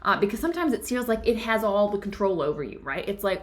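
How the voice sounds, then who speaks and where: A woman's voice: medium pitch, expressive, quick pace. A woman leading a live-streamed book discussion as a spiritual teacher, enthusiastic and chatty, laughing often and checking in with "right?".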